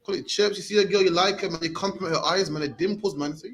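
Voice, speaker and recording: His voice sits high and a bit bright, moving at a quick pace. He's a British man in his thirties preaching in the street with emphasis, regularly finishing lines with "man."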